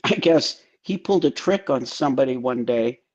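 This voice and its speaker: A man co-hosting a political live stream, rambling and halting through anecdotes, heard over a remote call. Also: mid-range voice, animated, a little mellow, lo-fi sound.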